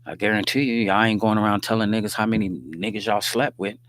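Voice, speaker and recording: A fast-talking livestream host with a low, slightly bright voice and fairly even intonation leads a faith-based stream. His style is conversational yet preachy, full of street slang and jokes, and he often asks listeners "you dig what I'm saying." He uses a livestream microphone.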